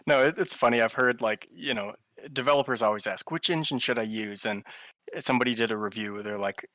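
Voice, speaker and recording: Bright-voiced man chatting with enthusiasm. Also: mid-range voice, brisk, dry recording, rough recording. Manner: enthusiastic, laughs easily, fillers. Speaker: guest, hologram artist. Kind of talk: casual interview chat.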